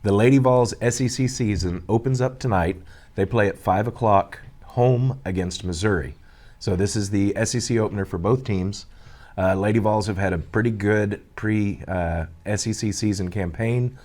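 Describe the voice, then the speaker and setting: A man's voice: lowish voice, moderate pace, darkish tone. A man, the show's sports director, running through college sports in an easygoing, joking chat. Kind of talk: casual morning show sports chat.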